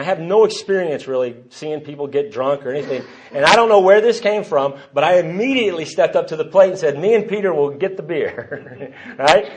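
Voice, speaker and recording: Man sharing his story at a podium. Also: on the high side. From Texas. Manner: rambling, self-deprecating, frequent restarts. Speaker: speaker at a recovery meeting. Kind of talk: personal testimony talk. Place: meeting hall at a podium.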